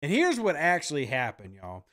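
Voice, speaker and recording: Brief: animated male podcast host, slightly high voice, sarcastic banter. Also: moderate pace. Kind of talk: casual chat reacting to viewer comments.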